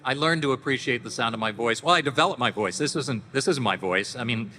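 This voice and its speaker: A middle-aged Canadian man, a panel guest at a large convention, tells stories to the crowd in a casual, animated way, laughing and acting out voices. His mid-range voice is pushed and bright as he talks fast with hardly any pauses, captured in a reverberant hall with faint noise.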